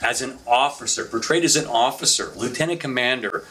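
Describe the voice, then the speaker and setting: A middle-aged man on a podcast, telling stories in a casual, animated way with lots of fillers. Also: mid-range voice, a little fast, a little hiss or hum. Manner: animated anecdotal storyteller with frequent fillers. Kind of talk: casual storytelling chat.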